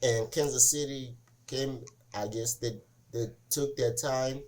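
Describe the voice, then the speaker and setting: A man's voice: takes it slowly, a little hiss or hum. A man hosting a casual sports podcast who tells stories with lots of "he's like" and acts out the quotes. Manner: animated storyteller, acts out quotes with rising pitch. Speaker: podcast host.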